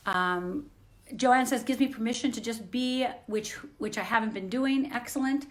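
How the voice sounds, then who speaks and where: A woman's voice: on the high side, normal speed. A woman hosting a motivational live stream from home on her phone. She talks in an earnest, encouraging way and often repeats phrases.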